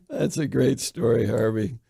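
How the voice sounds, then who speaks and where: A man's voice: mid-range voice, big pitch swings, slow pace, vocal fry, warm tone, husky, dry recording, studio quality. A man hosting an interview, asking short questions and giving encouraging responses. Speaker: interview host.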